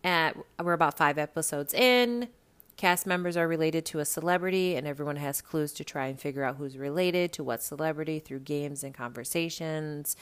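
A woman with a low voice hosts a podcast in loose, casual chat. She talks animatedly and swears freely, speaking straight to her listeners. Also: moderate pace, fairly bright tone, smooth. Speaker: podcast host.

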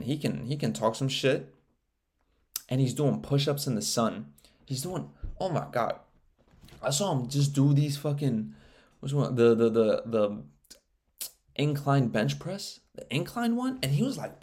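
A man's voice: medium pitch, expressive, moderate pace, a little mellow. A young man hosting a casual solo podcast, joking and swearing freely as he rants. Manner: profane, joking, slips into mocking impressions. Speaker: podcast host.

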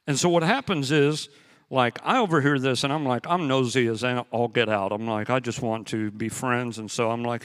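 A man's voice: medium pitch, steady tone, fairly quick, a bit bright. A man preaching a sermon as pastor, telling stories in a conversational way and hammering points home by repeating them. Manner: conversational storytelling with emphatic repetition. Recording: long hall reverb.

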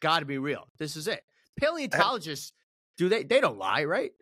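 A man's voice: a little high, sing-song, normal speed, pushed and bright. A man co-hosting a sports podcast, chatting casually and laughing often at jokes. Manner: joking, laughs a lot. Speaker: podcast co-host.

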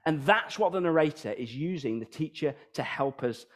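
British man, preacher, sermon, lively up-and-down delivery, fairly high voice. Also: normal speed. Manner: animated, rhetorical questions, sings snatches of songs. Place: church.

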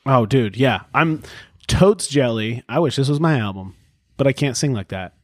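A man's voice: medium pitch, lively intonation, normal speed, dry recording, clean studio sound. A man hosting a podcast in casual chat, joking around and swearing a lot. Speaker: podcast host. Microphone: podcast microphone.

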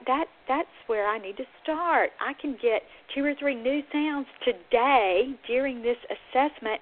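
A woman speech therapist and podcast host, explaining teaching methods in an upbeat, lively way and now and then acting out playful sound effects. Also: on the high side. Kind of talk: instructional talk. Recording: band-limited, phone-like audio.

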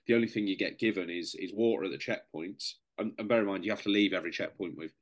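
A young man with a very deep voice tells a story on a podcast. He is casual and matey, calls people "mate", and swears freely as he goes. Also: quick pace. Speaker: podcast guest, serving soldier.

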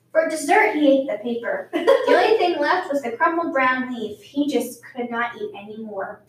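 A woman reading a picture book aloud for children at storytime in a lively, expressive way. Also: high voice. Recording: very echoey room, mic far off.

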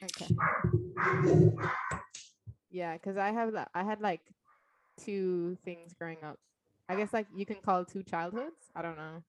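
A woman's voice: lowish voice, measured pace, long pauses, slight background noise. A young woman chatting casually with a friend, playful and teasing, her talk full of ums and likes. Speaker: friend in a chat. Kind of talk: casual chat.

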